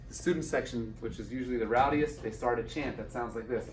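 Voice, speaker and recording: A man's voice: mid-range voice, fast talker. A man speaking at an event, telling a personal story and slipping into the voices of the people in it. The room is echoey and he sits some distance from the microphone, so the sound feels open and roomy. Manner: animated storyteller acting out quoted dialogue. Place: event hall.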